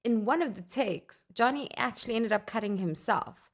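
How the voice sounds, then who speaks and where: A young adult actress, a podcast guest, telling stories in casual chat with frequent laughter. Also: female voice, a little high, moderate pace. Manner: laughing, animated storytelling.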